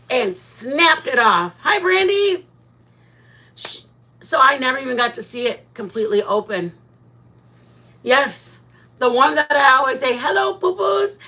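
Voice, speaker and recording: A high-voiced woman runs a live stream, talking easily with her viewers, sharing lively stories and frequently laughing.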